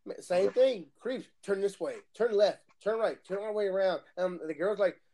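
High-pitched male co-host, chatty, with clear hiss behind him. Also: moderate pace. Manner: chiming in with short agreements and quoted asides. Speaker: podcast co-host. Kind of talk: casual chat. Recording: noisy background hiss.

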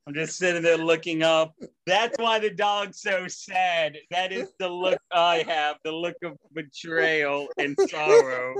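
A man's voice: a little high, animated, unhurried, hardly any pauses, fairly bright tone. A young man hosting a casual podcast, profane, rambling and exasperated. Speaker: podcast host.

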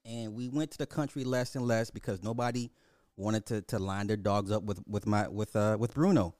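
Animated man telling stories. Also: fairly low pitch, normal speed, no room sound, clean studio sound. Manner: animated storytelling, laughs often, swears. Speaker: podcast host. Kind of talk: casual chat.

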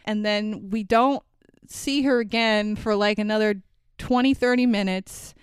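A woman co-hosting a casual podcast, talking in an animated way, swearing freely and laughing often. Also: medium pitch, measured pace, smooth, dry recording. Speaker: podcast co-host. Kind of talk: casual chat about movies.

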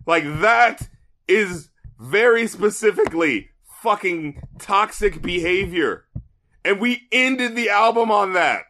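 A man's voice: sits high, very animated, moderate pace, bright, forceful tone. A man co-hosting a casual music review chat, exasperated and cursing often as he reads lyrics aloud. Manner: exasperated, swears a lot, reads lyrics aloud in mocking voices. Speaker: music critic co-host.

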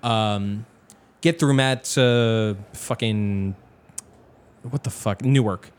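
A young man telling a story in casual chat, animated and swearing often, acting out other people's lines. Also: mid-range voice, slow, smooth.

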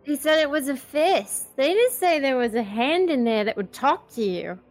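A woman's voice: high voice, expressive, moderate pace, soft background music, pitched above the performer's own voice. Brief: woman voicing a matter-of-fact female fighter, blunt, tabletop game. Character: tough blunt female adventurer.

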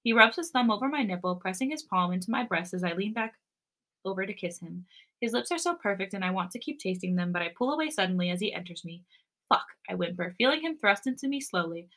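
A woman podcast co-host reading romance fan fiction aloud, expressive and sometimes breaking into giggles. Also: mid-range voice, fast.

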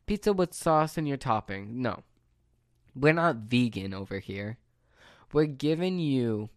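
A man's voice: medium pitch, no echo, clean studio sound. A man working the phones at a pizza shop, ranting sarcastically about customers in a casual, rambling monologue. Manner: exasperated, sarcastic, rambling with restarts.

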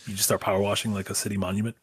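A man's voice: lowish voice, level tone, very fast, slightly rough, dry recording. A man co-hosting a casual stream, upbeat and encouraging as he thanks donors. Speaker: stream co-host.

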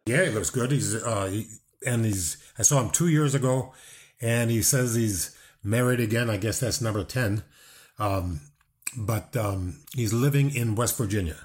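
A man hosting a chat show, talking deliberately with dry, wry asides. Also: on the low side. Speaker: podcast host. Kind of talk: casual interview chat.

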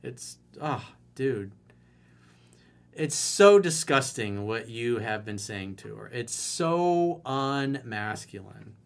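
A man's voice: medium pitch, animated, slow, vocal fry. A man giving dating advice in a blunt, mocking and profane monologue. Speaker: dating coach and author.

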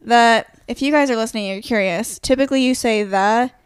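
A woman's voice: fairly high pitch, brisk, clear, resonant tone, no room sound. A young adult woman chatting casually with friends, rambling and giggling as she talks. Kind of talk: casual chat.

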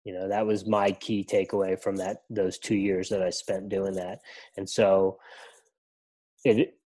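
Man, middle-aged, low voice, flat delivery, rambling casual podcast talk. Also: measured pace. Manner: rambling, filler-heavy, restarts words. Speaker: ultramarathon runner and coach, guest.

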